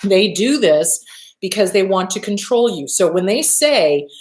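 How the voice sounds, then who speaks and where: A woman's voice: medium pitch, animated, unhurried, darkish tone, a little hiss or hum. A woman hosting a live advice talk, answering viewer questions in a blunt, emphatic way and swearing casually. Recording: roomy echo.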